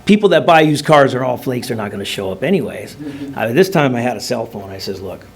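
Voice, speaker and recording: A man's voice: medium pitch, sing-song, fast, vocal fry, a crowd in the background. A middle-aged man speaking at a recovery meeting, telling his personal story in a rambling, humorous way with casual slang. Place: meeting room.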